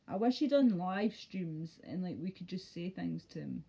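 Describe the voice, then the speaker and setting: A woman's voice: fairly low pitch, expressive, normal speed, creaky, few pauses, warm tone, breathy edge, highs cut off. A woman streaming live from home, ranting casually in a rambling, profane and mocking way. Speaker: livestreamer. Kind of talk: casual livestream rant.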